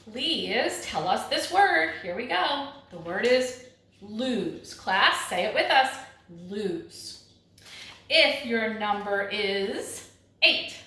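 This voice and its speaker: Brief: upbeat teacher, a woman with a high, bouncy voice, drilling phonics, heavy room echo. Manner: clear, drilling, animated teacher voice. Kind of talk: online phonics lesson. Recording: very echoey room.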